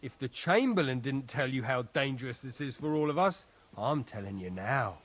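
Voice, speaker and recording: An actor playing a scheming, ominous castle servant. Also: male voice, medium pitch, expressive, normal speed, natural voice.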